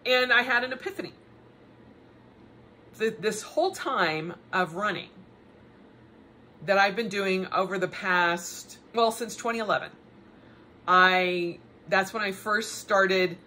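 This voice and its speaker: Bright, slow-talking chatty woman. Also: mid-range voice. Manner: chatty, animated storytelling with laughs and asides. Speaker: podcast host. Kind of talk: casual personal monologue.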